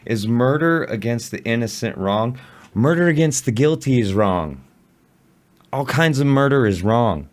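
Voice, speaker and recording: A man's voice: mid-range voice, big pitch swings, unhurried. A man casually reacting to a video on a livestream, blunt, sarcastic and often swearing.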